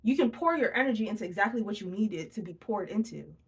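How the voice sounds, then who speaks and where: A young woman giving a casual tarot reading, blunt and profane, telling animated stories from her own life. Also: medium pitch, quick pace, slightly rough. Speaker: tarot reader.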